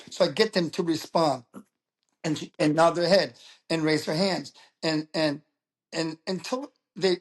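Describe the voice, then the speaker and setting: A middle-aged man, a public speaker, talking as an interview guest and telling stories in a lively way. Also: a little high. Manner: animated storyteller who acts out quoted voices. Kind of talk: casual interview talk.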